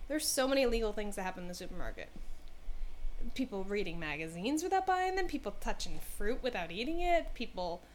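A young woman on a podcast, telling funny stories in a casual, animated way, with lots of "like" and laughter woven into her speech. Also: medium pitch, fairly quick, a little hiss or hum. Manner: animated storyteller, many "like" fillers, laughs mid-sentence. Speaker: podcast co-host. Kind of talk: casual chat. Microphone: studio microphone on stand.

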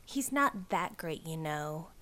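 A woman's voice: low voice, animated, takes it slowly, bright, forceful tone, heavily acted. A woman voicing a scornful teenage girl classmate who mocks with dismissive remarks. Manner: dismissive, mocking.

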